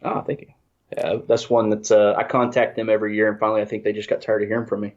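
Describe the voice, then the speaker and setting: A man's voice: on the low side, level tone, fast talker. A congested man telling a rambling, self-deprecating story in casual chat, full of restarts. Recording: dull lo-fi audio.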